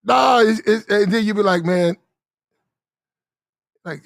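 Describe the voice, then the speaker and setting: A man telling casual stories in a profane, animated way, acting out the other voices in the dialogue. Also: high voice, slow, creaky, long pauses, dry recording, studio quality. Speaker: reaction video host. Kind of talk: casual storytelling rant.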